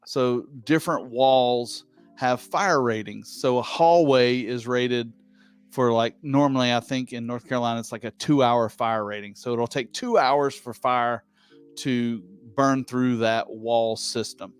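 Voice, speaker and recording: A man hosting a casual chat, joking around and reading out a listener's question slowly with many pauses. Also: mid-range voice, clean tone, faint music behind. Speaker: host.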